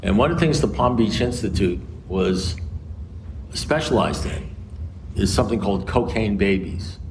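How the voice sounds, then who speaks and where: An American man speaking at a recovery meeting, telling a story and acting out both sides of a conversation with big swings in pitch. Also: moderate pace. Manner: animated, acts out dialogue with swings in pitch. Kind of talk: storytelling talk. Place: meeting room. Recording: noisy room recording.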